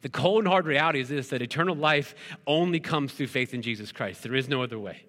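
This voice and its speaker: A man's voice: mid-range voice, fast, pushed and bright. A pastor in his thirties preaching a sermon, telling stories conversationally with frequent "right?" asides. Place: church sanctuary. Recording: long hall reverb.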